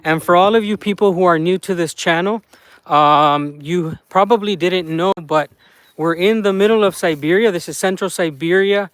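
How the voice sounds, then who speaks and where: A man's voice: sits high, normal speed, clear, resonant tone, dry recording. A man chatting casually on a live stream outdoors in a garden, rambling with many fillers and greeting viewers.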